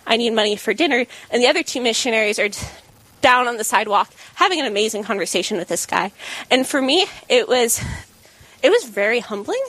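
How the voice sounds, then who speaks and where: A woman co-hosting a talk radio show, telling a story in a casual, animated way and acting out the quotes with laughs. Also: fairly high pitch, fairly quick, no room sound. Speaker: radio co-host.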